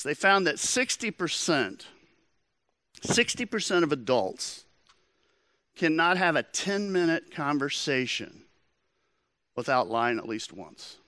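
A man's voice: medium pitch, expressive, unhurried, pushed and bright, clean tone, no echo, studio quality. A man preaching a sermon as pastor, in a conversational storytelling manner.

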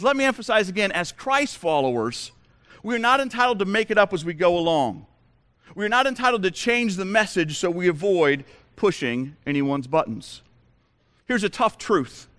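A man's voice: a little high, fairly bright tone. A man preaching a sermon as a pastor, emphatic, with repeated rhetorical questions.

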